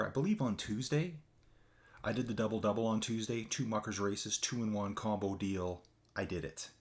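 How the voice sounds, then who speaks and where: A tired man hosting a casual live stream, chatting loosely with viewers and calling them folks. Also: on the low side. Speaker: livestream host. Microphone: desk mic with adjustable gain.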